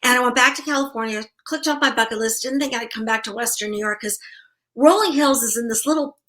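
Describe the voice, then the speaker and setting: A woman's voice: fairly high pitch, fast talker, a bit bright. A middle-aged woman from New Hampshire, a guest telling her story casually in an interview, acting out the voices she quotes. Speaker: guest, asylum owner.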